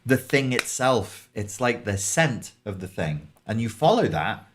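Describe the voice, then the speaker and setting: A man's voice: fairly low pitch, sing-song, a little slow, background noise. A middle-aged man, chatting casually as a podcast co-host, swearing freely and slipping into mocking voices. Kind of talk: casual chat.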